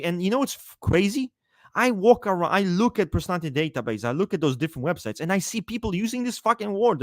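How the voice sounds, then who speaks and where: A man chatting casually on a live stream, answering his chat in a profane, rambling, animated way. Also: a little high, dry recording, studio quality.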